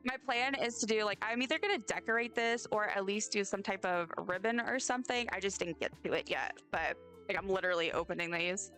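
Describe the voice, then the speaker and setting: Over faint game music, a young woman chats on a live stream while she plays. She talks fairly quickly in a mid-range, slightly bright voice, rambling effusively and frequently tripping over her words.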